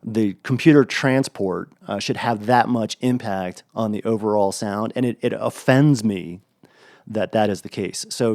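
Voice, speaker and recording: Male podcast co-host, gravelly, dry close mic, blunt and enthusiastic. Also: medium pitch, a little mellow, no echo. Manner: blunt, enthusiastic, frequent fillers and restarts. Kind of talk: casual chat.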